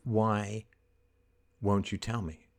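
A man hosting a call-in advice show, scripting a confrontation in forceful, indignant tones with rapid rhetorical questions and swearing. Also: fairly low pitch, steady tone. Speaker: host.

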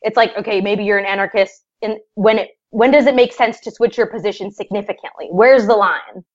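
A young adult woman, a guest in an interview, telling her story in a casual, animated way with laughing asides. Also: mid-range voice, brisk, lo-fi sound.

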